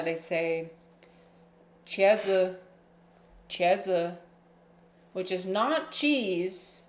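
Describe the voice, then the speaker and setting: A woman's voice: medium pitch, slight background noise. A woman hosting a casual live stream, chatting playfully and reading aloud. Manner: chatty and playful, cooing baby talk to her pet. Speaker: livestream host. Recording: echoey room with music playing.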